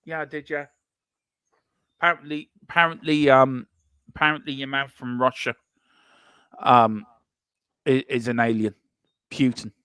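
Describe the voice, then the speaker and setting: A man's voice: medium pitch, fairly even intonation, a little slow, long pauses, sharp tone, smooth, dry recording. Jokey man reading listener comments. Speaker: podcast co-host. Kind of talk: casual fan podcast chat.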